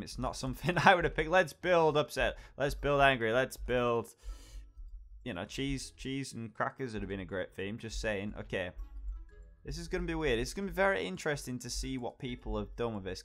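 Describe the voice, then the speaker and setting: A man's voice: mid-range voice, fairly bright tone. A British man hosting his gaming channel, chatting casually and mocking himself as he thinks aloud while building. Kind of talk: casual gameplay commentary.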